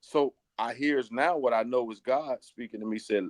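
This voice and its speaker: A middle-aged man, a pastor, tells his life story with earnest feeling, slowing down to let the key moments land. His voice sits at an ordinary middle pitch, and the recording is dry and close, with no room sound. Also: dry recording. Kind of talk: personal testimony in an interview.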